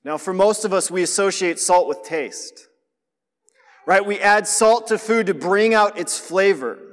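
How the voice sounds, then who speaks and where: High-voiced man preaching in a reverberant hall. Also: a little slow. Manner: conversational preaching, asks listeners to notice. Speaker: pastor. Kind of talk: sermon.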